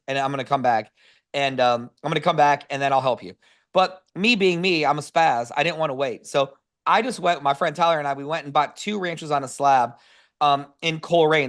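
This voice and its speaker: A man telling casual stories about real estate investing in a webinar, energetic and full of "like" fillers, on a video call. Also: fairly high pitch. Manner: energetic, filler-heavy, says "like" constantly. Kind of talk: casual storytelling presentation.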